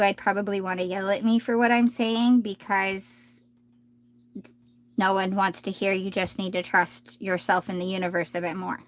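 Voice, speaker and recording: A woman doing a live tarot reading, talking gently and reassuringly, often restarting her sentences. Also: mid-range voice. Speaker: tarot reader.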